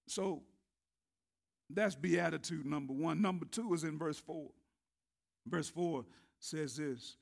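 A man preaching a sermon, his voice not working well, building to shouted emphasis. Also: fairly high pitch, expressive, slow pace, vocal fry, pauses often.

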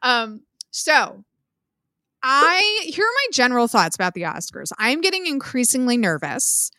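A bright, slightly high-voiced woman in her thirties co-hosts a casual podcast from home. She is chatty and opinionated, full of "like" and "um", and her voice sounds dry and close. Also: big pitch swings, a little slow, no echo. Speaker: podcast co-host. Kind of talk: casual chat.

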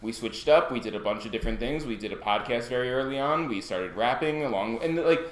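A man from New York, a podcast guest in casual chat who talks in a quick, excitable way and laughs easily. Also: mid-range voice. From Westchester, New York. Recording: echoey room.

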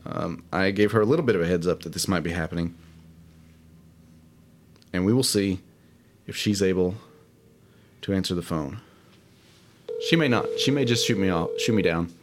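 A man's voice: low voice, normal speed, long pauses. A man hosting a casual solo show, rambling and self-deprecating with many fillers. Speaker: podcast host. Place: home studio, alone.

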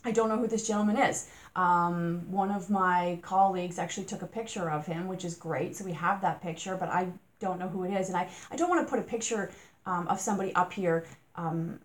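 A woman's voice: lowish voice, a little fast. A woman hosting a true-crime podcast, talking casually through her thoughts, asking rhetorical questions and sometimes getting exasperated.

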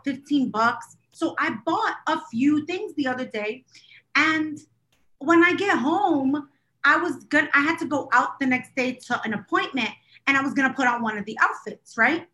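Woman podcast co-host, high bright voice, rambling and exasperated, casual. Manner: rambling, self-deprecating, exasperated storyteller.

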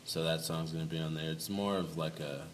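A young man from a band is a guest in an interview, speaking in a very deep voice with fairly even intonation and a brisk pace. He's laid-back and chats casually, laughing often, captured by a distant mic with noise.

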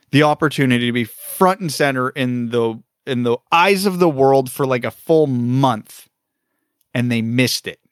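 A man's voice: mid-range voice, dry recording, studio quality. A man co-hosting a hockey podcast, ranting heatedly and emphatically in casual talk. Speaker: podcast co-host.

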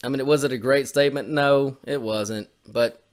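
A man's voice: mid-range voice, fairly even intonation, normal speed. A young man co-hosting a podcast, tossing out blunt, dry one-liners and heavy swearing. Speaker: podcast co-host. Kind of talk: crude comedic podcast banter.

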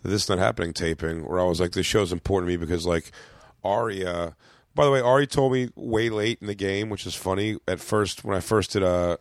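A man's voice: low voice, fairly quick, no room sound, clean studio sound. A man, a comedian, chatting casually on a podcast, rambling through a story with many restarts. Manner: rambling with fillers and restarts, excitable. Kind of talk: casual chat. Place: podcast studio.

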